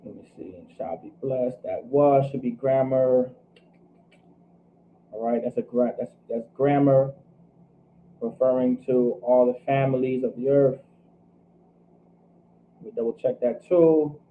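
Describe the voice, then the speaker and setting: A man's voice: medium pitch, steady tone, unhurried, long pauses, narrow, tinny audio, a little hiss or hum. Guy teaching a hebrew class over a thin phone-ish line, talks it through, lots of "all right". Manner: thinks aloud, checks himself, repeats "all right" often. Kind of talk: teaching a scripture language class.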